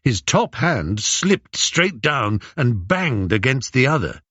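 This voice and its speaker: Unhurried English storyteller, expressive. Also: male voice, medium pitch, no room sound, lo-fi sound. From England. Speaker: audiobook narrator. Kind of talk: scripted narration.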